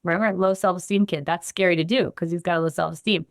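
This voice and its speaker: A woman guest on a podcast explaining her practice in an animated way, acting out the voices of the people in her examples. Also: on the low side, fast, no room sound, clean studio sound. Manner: animated, acts out the quotes she gives. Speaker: guest, somatic trauma practitioner.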